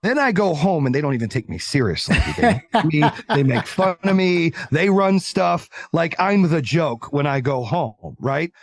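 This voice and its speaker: Blunt, animated male entrepreneur. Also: fairly high pitch, moderate pace, few pauses. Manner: animated storyteller, acts out quoted voices; confident, blunt. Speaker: entrepreneur guest. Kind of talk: casual interview chat.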